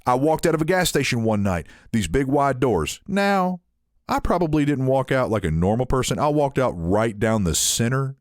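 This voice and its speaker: A man on a podcast telling a story in casual chat, animated and acting out the people in it. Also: medium pitch, normal speed, no echo, clean studio sound. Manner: animated, acts out quoted people in shifting voices. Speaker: podcast co-host.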